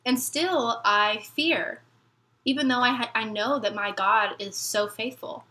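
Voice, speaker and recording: A young woman vlogging about her fears as a military spouse, rambling and halting, near tears. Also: a little high, sharp tone. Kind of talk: emotional personal vlog talk.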